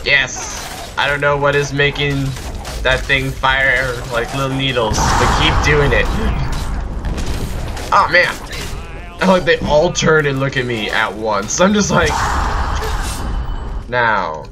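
A man's voice: mid-range voice, measured pace, music in the background. A man giving goofy, rambling let's play commentary with sudden outbursts while he plays. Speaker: gameplay commentator.

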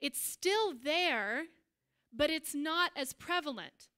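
A middle-aged woman pastor giving a sermon as an animated storytelling preacher. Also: high-pitched, takes it slowly. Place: church stage.

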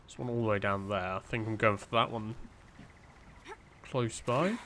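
A man's voice: on the low side, normal speed, a bit bright, slight background noise. A young man giving casual let's-play commentary, rambling and joking at himself with plenty of fillers. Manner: rambling, self-deprecating, lots of fillers. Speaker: gameplay commentator.

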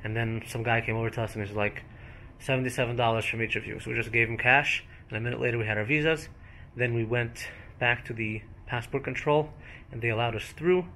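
A man hosting his own travel vlog, telling what happened in a loose, chatty, play-by-play way. His voice sits mid-pitch. A faint hum of noise runs underneath. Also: fairly even intonation, a little fast, bright, forceful tone. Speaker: travel vlogger. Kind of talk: casual travel vlog narration.

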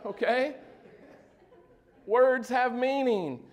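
High-voiced man preaching a sermon. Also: very slow, a faint crowd. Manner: conversational preaching, asks the congregation for replies; joking asides. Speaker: pastor.

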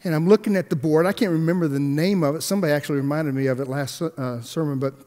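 A pastor telling a story in a sermon, swinging between hushed and emphatic delivery, with halting restarts and repeated words. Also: male voice, fairly high pitch. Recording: long echoey hall reverb.

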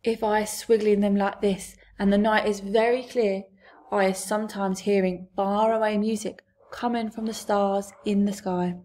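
A woman's voice: mid-range voice, little pitch movement, moderate pace, a little mellow, natural voice. A woman voicing a big friendly male giant who talks earnestly in broken grammar.

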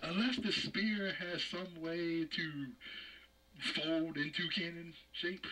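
A man's voice: on the high side, fairly even intonation, slow, pushed and bright, far from the mic, rough recording. A man co-hosting a casual gameplay chat, joking and laughing, throwing in playful exclamations. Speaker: co-host of a game video.

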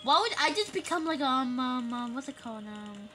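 Excitable high-voiced woman gaming. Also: over loud music. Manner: excitable, shrieks and laughs, repeats words rapidly. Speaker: gaming video creator. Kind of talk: casual gameplay commentary.

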